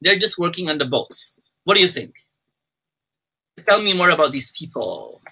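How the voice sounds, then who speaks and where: A man's voice: on the high side, expressive, moderate pace, pushed and bright, slightly rough, poor audio. A man from the Philippines hosting a casual live-stream chat, playful and joking, slipping in Filipino phrases. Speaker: host.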